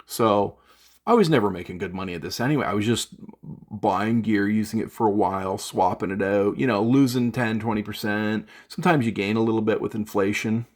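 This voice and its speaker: Guy, lowish voice, vlog rant, fed-up, talks in loops with lots of ums. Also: a little fast. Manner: exasperated, rambling, many fillers and restarts. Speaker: gear vlogger.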